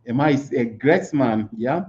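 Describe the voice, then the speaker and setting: At an online conference, a motivational speaker talks at a measured pace in an expressive, mid-range voice with a darkish tone. He answers his own rhetorical questions and repeats key words to stress them, over slightly muffled lo-fi sound.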